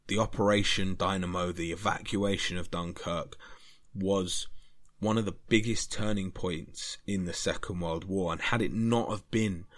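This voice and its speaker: A man hosting a history podcast, talking in an earnest, rambling way that grows more animated. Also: sits low. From Britain. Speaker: podcast host.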